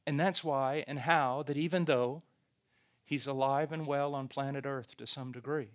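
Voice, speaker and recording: A man's voice: medium pitch, steady tone, normal speed. A man preaching a sermon, earnest and emphatic, repeating key phrases.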